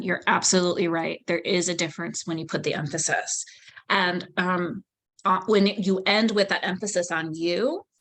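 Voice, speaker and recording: Woman trainer, low voice, calm explanatory lecture, example phrasings. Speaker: volunteer trainer.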